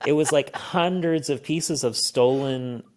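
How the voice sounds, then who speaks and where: A man's voice: mid-range voice, measured pace. A man guesting on a podcast in casual chat, playful and chatty. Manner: playful, laughs along, chatty.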